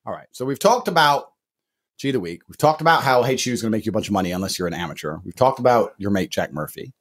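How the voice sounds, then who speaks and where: Husky, lively boastful podcast man. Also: fairly low pitch, fast talker. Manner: brash, bragging, swearing, hyped. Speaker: podcast co-host. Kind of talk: casual boastful podcast banter.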